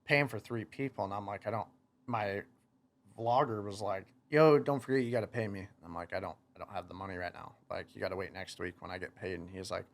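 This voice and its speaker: A man's voice: fairly low pitch, fairly quick. Laid-back young man rambling through a story. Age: 20s. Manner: rambling, many "like" fillers, quoting himself. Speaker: guest, motocross racer. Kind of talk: casual podcast storytelling.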